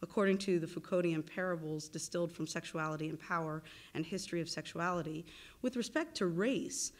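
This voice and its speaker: A woman lecturing at a university, reading a formal academic paper in a measured way with occasional self-corrections. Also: fairly low pitch. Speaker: visiting lecturer and research associate. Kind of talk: academic lecture read from a prepared text.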